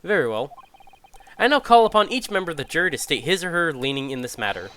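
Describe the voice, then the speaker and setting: A man's voice: fairly high pitch, sing-song, quick pace, a bit bright, slight background noise. A man voicing a formal older judge presiding over a court, with stately courtroom phrasing.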